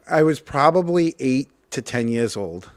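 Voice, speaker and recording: A man's voice: on the high side, a bit bright, no room sound. A man hosting a podcast in casual chat, telling rambling stories and laughing often. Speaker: podcast host.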